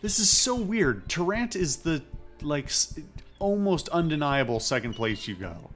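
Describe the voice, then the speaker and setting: A man's voice: fairly high pitch, very animated, unhurried, fairly bright tone, soft background music. A man giving casual, musing commentary while playing a game, swearing now and then. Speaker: let's play host.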